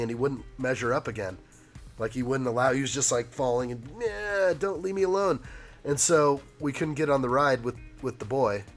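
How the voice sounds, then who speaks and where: A hoarse man in his thirties with a mid-range voice hosts a live stream while building a toy set. He chats casually, cracks jokes, and reads viewer comments aloud.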